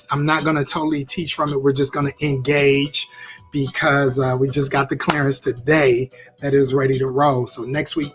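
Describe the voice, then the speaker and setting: A man's voice: on the high side, a bit bright. A man teaching a live-streamed interactive class on creativity, upbeat, repeating phrases as he reacts to viewer comments.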